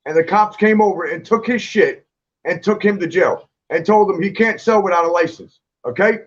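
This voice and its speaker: A man with a high voice tells blunt, profane stories in a casual chat. The recording sounds dull and lo-fi, as if the top end was cut off. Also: animated, moderate pace. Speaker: guest, clothing designer.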